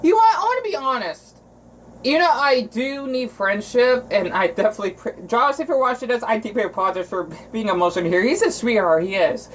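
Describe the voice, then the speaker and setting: A man from Arizona talking in a casual cooking vlog, rambling and emotional, with frequent restarts and halting phrases. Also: very high voice, animated, a bit bright, slight background noise, poor audio. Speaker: vlogger.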